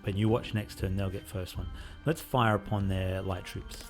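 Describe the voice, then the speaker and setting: A man with a fairly low voice talks through a playthrough of the game he is building. His delivery is relaxed and rambling, full of little fillers as he explains features. Faint music plays underneath. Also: normal speed. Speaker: indie game developer. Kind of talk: casual gameplay devlog commentary.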